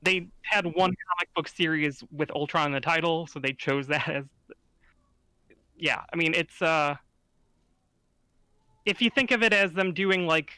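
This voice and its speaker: A man's voice: fairly high pitch, unhurried, long pauses, bright, forceful tone, clean tone, no room sound, poor audio. A man co-hosting a podcast, offering thoughtful, hesitant opinions in casual chat. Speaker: podcast co-host.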